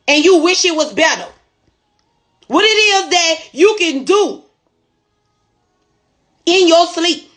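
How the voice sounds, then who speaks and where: A woman's voice: very high voice, a bit bright. A woman store owner telling a motivational testimony in a folksy, preachy storytelling way.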